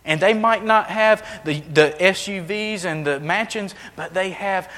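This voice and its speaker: A man preaching a sermon as pastor, swinging between hushed, intimate lines and loud, emphatic ones. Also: high-pitched, unhurried, in a large hall. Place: church sanctuary.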